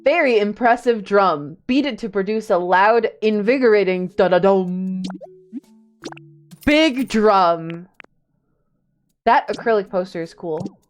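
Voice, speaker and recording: A woman streaming a game live, chatting casually, excitable and a little shy in her asides. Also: medium pitch, slow pace, pauses often, faint music behind.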